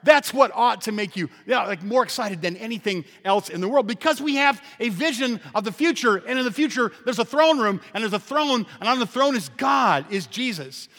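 High-voiced preaching man, hall reverb. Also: expressive, normal speed, few pauses, a bit bright. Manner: emphatic, rhetorical questions to the congregation. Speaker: pastor. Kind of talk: sermon. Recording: long reverb of a large hall.

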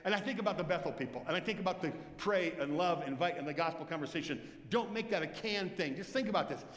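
A man preaching a sermon as lead pastor, earnest and exhorting his congregation in a church sanctuary. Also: sits high. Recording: reverberant church hall.

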